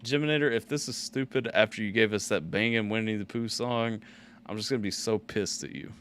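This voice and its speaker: A man hosting a live music reaction stream, bantering loudly with laughs and swearing. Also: fairly low pitch, fairly quick, a little hiss or hum. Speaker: stream host.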